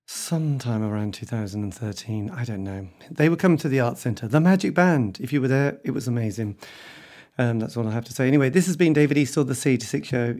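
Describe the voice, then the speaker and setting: Eager radio host, dry close sound. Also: male voice, medium pitch, a little mellow, no room sound. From England. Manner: polite, eager and chatty. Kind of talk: radio interview and sign-off.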